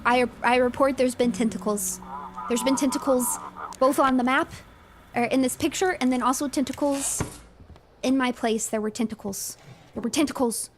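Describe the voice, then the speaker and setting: A woman streaming a horror game, reacting in an animated, exasperated way and reading its dialogue aloud. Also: sits high, normal speed, a little hiss or hum. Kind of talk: live game commentary.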